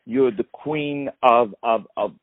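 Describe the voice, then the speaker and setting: A French-accented man hosts a radio interview and heaps on praise in a halting way, stumbling through fillers. His voice is tinny and narrow, like a phone line, and dry, with no room sound. His pitch is middling for a man. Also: no room sound. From France. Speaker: radio host.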